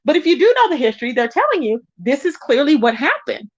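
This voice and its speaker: A high-voiced woman hosts a casual gossip livestream, chatty and animated as she greets viewers by name. Her voice sounds dull and lo-fi in a dry, close space. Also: quick pace, no echo. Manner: animated, pitch jumps up when excited. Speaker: live-stream gossip host. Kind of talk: casual live-stream chat.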